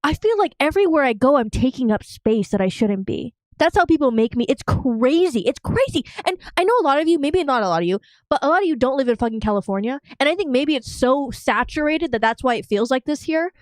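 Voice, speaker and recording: A woman's voice: high voice, expressive, brisk, hardly any pauses, no room sound. A woman co-hosting a podcast in casual chat, ranting heatedly and swearing a lot. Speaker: podcast co-host.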